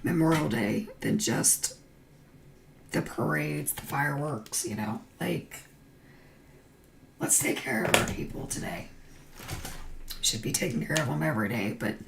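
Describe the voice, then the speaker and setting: Middle-aged woman host, lively and rambling, coloring alone at her computer. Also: deep voice, measured pace, gravelly, long pauses, background noise. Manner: rambling storytelling with tangents. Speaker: crafting livestream host. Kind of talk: casual chat while coloring.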